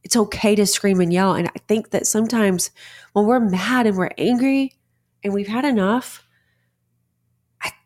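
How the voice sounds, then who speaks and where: A woman's voice: medium pitch, moderate pace, pauses often, a little mellow. A middle-aged woman hosting a podcast, talking earnestly and conversationally with many fillers and restarts. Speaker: podcast host, author. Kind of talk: casual monologue.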